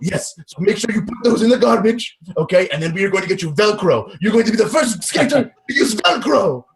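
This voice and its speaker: A man's voice: sits high, animated, a little fast, creaky. A man on a video call improvising an overbearing skating-coach father who rambles in a put-on accent. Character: pushy middle-aged male skating coach dad. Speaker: improv performer.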